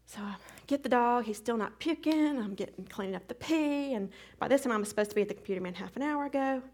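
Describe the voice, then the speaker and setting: A middle-aged woman teaching a Bible study, retelling a hectic day as an animated testimony with sound effects. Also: fairly high pitch, quick pace.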